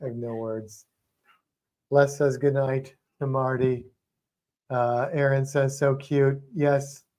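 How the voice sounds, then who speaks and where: A man co-hosting a livestream, talking loosely and rambling with lots of filler words and restarts. His voice is mellow and soft-edged, at an average pitch. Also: level tone, slow. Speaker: livestream co-host. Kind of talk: casual chat.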